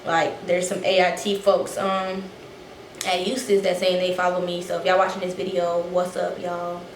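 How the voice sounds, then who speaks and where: A young woman telling a casual story to her vlog viewers, animated and a little out of breath, acting out the quotes. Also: on the low side, moderate pace. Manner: animated, acts out quotes, swears freely. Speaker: vlogger. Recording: echoey room, faint noise.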